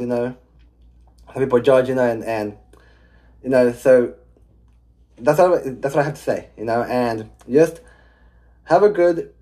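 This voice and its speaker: A man's voice: mid-range voice, warm tone. A man co-hosting a faith podcast, giving closing thoughts in a rambling way, packed with "you know" fillers. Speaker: podcast co-host. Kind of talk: casual faith chat.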